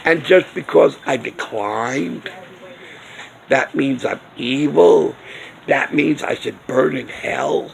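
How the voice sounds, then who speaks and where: A man's voice: mid-range voice, slow, gravelly, slight background noise. A man ranting indignantly in a casual vlog, firing off rhetorical questions. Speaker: video blogger. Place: outdoors near a smoking area.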